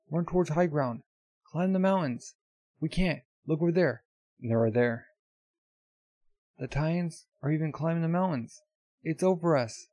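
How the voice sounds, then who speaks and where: A man's voice: mid-range voice, warm tone, no room sound, highs cut off, lightly acted. A man reading out the lines of panicked townspeople fleeing giants, raising his voice urgently. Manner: raised, urgent crying out. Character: panicked fleeing townspeople, adults of mixed sex.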